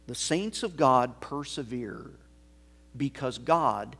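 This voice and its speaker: A male pastor delivers a sermon at an unhurried pace, leaning hard on repeated words to drive his point home. His pitch sits in an ordinary middle range. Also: faint music behind. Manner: slow, emphatic preaching with deliberate repetition.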